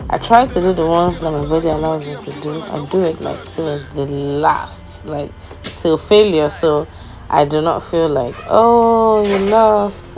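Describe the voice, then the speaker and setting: A young woman vlogger chatting casually about her workout, giggly and quick to act out what people said. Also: low voice, darkish tone, poor audio. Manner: chatty and giggly, acts out quotes. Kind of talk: casual workout vlog chat.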